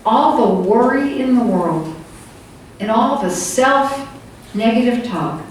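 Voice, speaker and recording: A woman's voice: a little high, animated, takes it slowly. An older woman giving a conference talk, telling stories in a loose, conversational way with many fillers. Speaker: conference speaker. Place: conference hall. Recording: echoey hall from far off with faint room noise.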